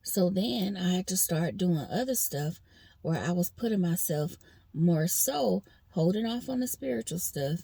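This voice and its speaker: Slow, gravelly-voiced woman venting. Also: fairly low pitch, expressive, mellow, no room sound. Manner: rambling, talks straight to viewers. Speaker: vlogger. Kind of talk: personal venting monologue.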